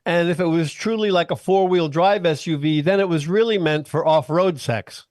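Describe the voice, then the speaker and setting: A man's voice: fairly high pitch, normal speed, no echo, clean studio sound. A man co-hosting a casual comedy podcast, laughing often and telling stories. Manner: laughs often, animated asides. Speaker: podcast co-host.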